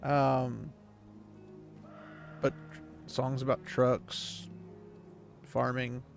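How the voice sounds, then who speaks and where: A man's voice: medium pitch, completely flat delivery, drawn-out words, creaky, soft background music. A man streaming a video game, chatting casually and rambling with plenty of fillers. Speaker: gaming streamer. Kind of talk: casual chat while playing a video game.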